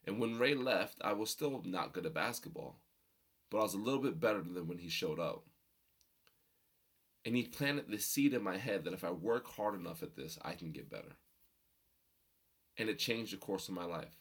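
Young guy with a deep husky voice, telling funny stories to a crowd, gets emphatic. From New Jersey. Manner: animated, humorous, builds to emphatic points. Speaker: motivational storyteller. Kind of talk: storytelling talk to an audience.

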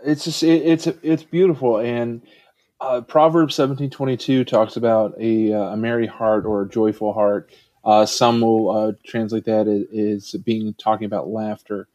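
A man's voice: fairly low pitch, level tone, moderate pace, no echo. A man who performs comedy and improv, speaking earnestly as a podcast guest and quoting scripture. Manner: earnest, cites scripture, speaks of laughter warmly. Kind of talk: conversational interview guest.

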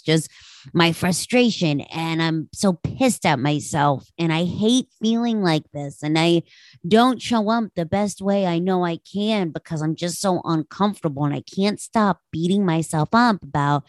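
A woman's voice: fairly low pitch, a little mellow, no echo, studio quality. A woman hosting her own podcast, telling a candid, self-deprecating personal story in a casual monologue and swearing freely. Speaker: podcast host.

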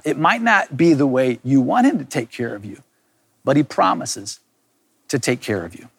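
Gravelly-voiced man preaching a sermon. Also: medium pitch, big pitch swings, moderate pace. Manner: earnest, reflective preaching with repeated key words. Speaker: pastor. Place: recorded for online viewers.

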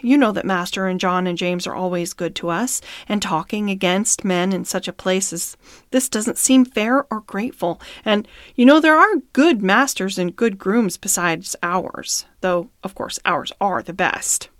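A woman voicing a small, gentle male pony in a storybook reading, earnest and kindly. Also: medium pitch, a little slow, no room sound, studio quality, lightly acted.

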